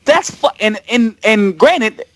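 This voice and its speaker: A man in casual podcast chat, telling a story with lots of swearing and quick impressions of people. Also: high-pitched, no echo. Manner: animated, profane storytelling with impressions. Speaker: podcast guest.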